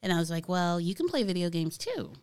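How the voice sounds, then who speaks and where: A middle-aged woman chats easily on a podcast, often stopping with ums and restarting her sentences. Her voice sits fairly low and sounds smooth and clear. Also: sing-song, a little fast, darkish tone. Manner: chatty, hesitant with many ums and restarts. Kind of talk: casual chat.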